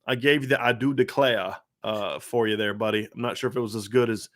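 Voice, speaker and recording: A man's voice: on the low side, fairly even intonation, fast, fairly bright tone. A man hosting a sports talk podcast, chatting casually and rambling with lots of filler words. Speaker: podcast host.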